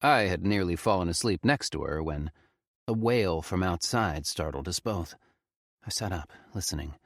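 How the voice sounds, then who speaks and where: A man reading a horror story aloud with expressive, tense storytelling. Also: low voice, normal speed, dry recording, clean studio sound. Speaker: audiobook narrator. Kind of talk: scripted horror narration.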